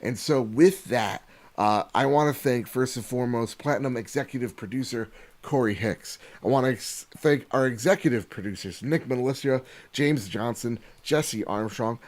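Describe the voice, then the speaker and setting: A man hosting a casual podcast over a video call, excitable and swearing as he rattles off thank-yous. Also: mid-range voice, moderate pace. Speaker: podcast host.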